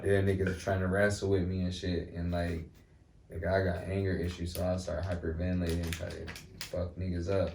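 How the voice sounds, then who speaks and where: With a low, creaky voice that barely shifts in pitch, a young man from Milwaukee, Wisconsin, talks a little fast while sharing laid-back, slangy stories as a casual-chat guest, often saying "you know what I'm saying." Faint noise, roomy echo and a distant mic mark the recording.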